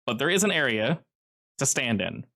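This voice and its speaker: A man narrating as game master for a tabletop game, setting the scene in a loose, conversational way. His voice sits at an ordinary pitch, and he fills his descriptions with casual asides and fillers. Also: very animated, moderate pace, bright, forceful tone.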